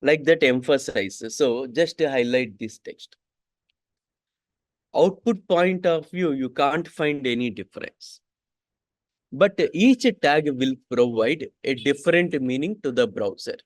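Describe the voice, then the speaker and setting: Slow man repeating every line. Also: medium pitch, dry recording. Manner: repeats each sentence twice, slow and deliberate. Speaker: coding instructor. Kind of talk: classroom coding lesson.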